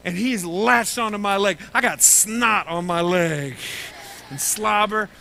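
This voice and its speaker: A man with a Texan accent telling a lively story to children at a camp gathering, acting out the voices of the people in it. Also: high-pitched, slow pace, gravelly, slight background noise, poor audio. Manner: animated, acts out voices in his story. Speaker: camp speaker.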